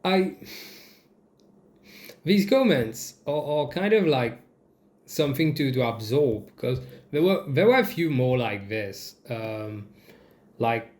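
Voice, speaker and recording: A young Mauritian man with a Mauritian accent, giving casual comedic commentary in a sarcastic, swearing, animated way. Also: mid-range voice, slow pace, long pauses. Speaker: vlogger. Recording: echoey room.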